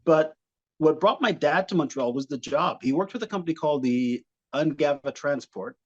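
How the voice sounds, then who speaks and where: A man's voice: on the high side, moderate pace, dull audio. A man from Canada, a comedian guest, telling comic stories and laughing often as he talks. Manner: animated, laughing often, jumps into impressions. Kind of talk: comic storytelling.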